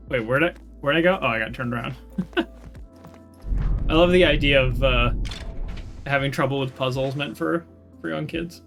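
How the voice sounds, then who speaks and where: A streamer giving casual, rambling commentary while playing, self-deprecating and quick to laugh. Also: medium pitch, gravelly, fairly bright tone, faint music behind. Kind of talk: casual livestream gameplay commentary.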